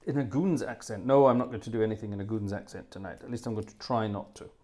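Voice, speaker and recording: A man's voice: on the low side, quick pace, dark tone. A middle-aged man chatting casually between pieces as host of his own live organ stream, rambling and joking. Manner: chatty, rambling, jokey asides.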